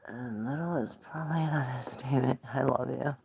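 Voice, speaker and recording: A woman's voice: very deep voice, steady tone, fairly quick, creaky, darkish tone, breathy edge. A woman in her forties giving a live tarot reading in a rambling, casual way, greeting viewers as she goes. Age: 40s. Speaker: tarot reader.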